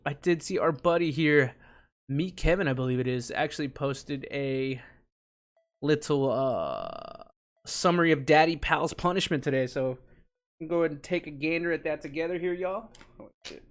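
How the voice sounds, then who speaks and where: A man's voice: on the high side, animated, normal speed. Hyped young man hosting a live stream. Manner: hyped, greets chat by name, swears. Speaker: livestream host. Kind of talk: casual live chat.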